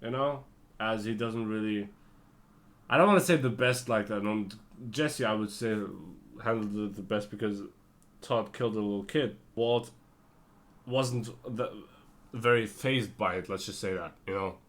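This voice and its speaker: A tired man talks through a TV review in a low voice at a slow, unhurried pace. He rambles, fills gaps with ums and likes, and keeps correcting himself. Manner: rambling, many fillers and self-corrections; breaks into brief character impressions. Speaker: TV show reviewer. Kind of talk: casual spoken review.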